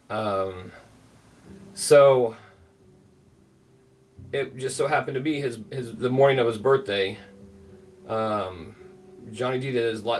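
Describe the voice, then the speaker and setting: A man's voice: medium pitch, distant mic. A middle-aged man hosting a livestream, telling a rambling, filler-heavy story and greeting chat viewers by name. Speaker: livestream host.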